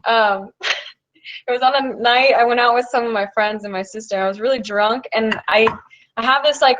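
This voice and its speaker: A woman's voice: a little high, normal speed, fairly bright tone, highs cut off. A young woman in casual chat, talking loosely with lots of "like" and easy laughter. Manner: chatty, full of "like", laughs often.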